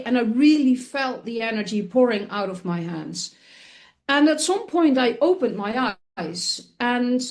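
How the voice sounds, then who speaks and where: A woman with a fairly high voice shares a personal story as a talk show guest. She speaks earnestly and expressively, and often breaks off to restart a sentence as she goes.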